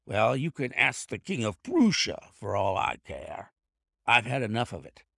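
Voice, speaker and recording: A man voicing an angry market salesman who shouts and blusters. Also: mid-range voice, big pitch swings, measured pace, vocal fry, no room sound, clean studio sound, exaggerated voice.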